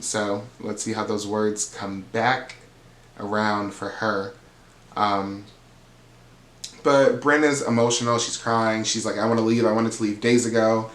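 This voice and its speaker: Gossipy man in an echoey room. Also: on the low side. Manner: gossipy, quotes others in animated asides, swears freely. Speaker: reality TV recap host. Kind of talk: casual recap monologue.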